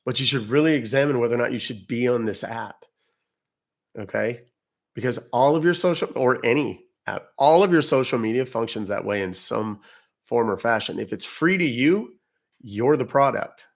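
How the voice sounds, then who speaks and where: A man's voice: medium pitch, lively intonation, moderate pace, gravelly. A chatty American man talks casually on a livestream, answering his viewers' comments one after another. He speaks bluntly and plainly, with a mid-range voice. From United States. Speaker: livestream host.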